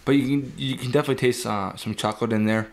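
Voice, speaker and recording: A man co-hosting a podcast in casual chat, speaking in a measured way with frequent "uh" and "um" pauses. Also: mid-range voice, fairly even intonation, gravelly. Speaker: podcast co-host.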